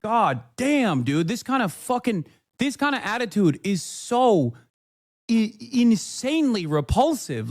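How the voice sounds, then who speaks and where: A man's voice: high-pitched, expressive, measured pace, dry recording, clean studio sound. A man livestreaming, ranting heatedly at his chat and swearing constantly.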